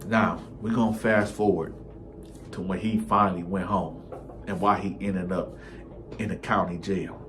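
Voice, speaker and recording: A man's voice: deep voice, unhurried, a little hiss or hum. Laid-back slangy man telling a story. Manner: animated, slangy, acts out the characters. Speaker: storytime host. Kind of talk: casual storytelling.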